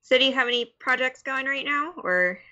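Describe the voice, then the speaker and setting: A woman's voice: sits high, brisk, pushed and bright, dull audio. A woman co-hosting a game night stream, chatting casually and asking a guest friendly questions. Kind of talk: casual chat, interviewing a guest.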